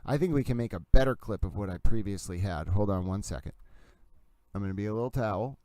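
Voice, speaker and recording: A man's voice: lowish voice, quick pace, dark tone, no room sound. A man with a Boston accent, hosting a casual live stream and chatting playfully while he works on his computer. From New England. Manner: playful, self-mocking chatter while working. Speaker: livestream host.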